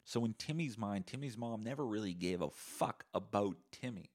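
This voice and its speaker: A man's voice: fairly low pitch, animated, normal speed, darkish tone. A man from Canada rants alone into a podcast mic, swearing freely. His talk is sarcastic and heated, and he tells a long mocking story. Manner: profane, sarcastic ranting. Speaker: podcast host. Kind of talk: solo podcast rant.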